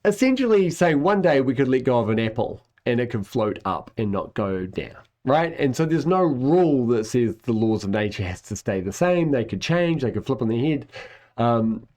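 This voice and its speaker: A man's voice: mid-range voice, darkish tone. A man giving an enthusiastic, conversational science lesson, often checking in with "right?". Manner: enthusiastic and conversational, with tag questions. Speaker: lecturer. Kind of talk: educational explainer.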